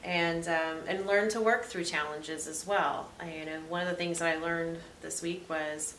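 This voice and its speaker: A woman's voice: fairly low pitch, steady tone, moderate pace, a bit bright. A woman co-hosting a casual faith-based chat, reflective and upbeat while recovering from a rib injury. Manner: reflective, upbeat, often laughing. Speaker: podcast co-host. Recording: echoey room, faint hiss.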